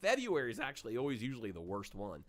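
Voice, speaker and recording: A man in his forties, from Maine, chats casually as host of a gaming livestream. He rambles from story to story in a polished FM radio voice whose pitch swings around. Faint music plays in the background. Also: wildly swooping pitch, quick pace, a bit bright.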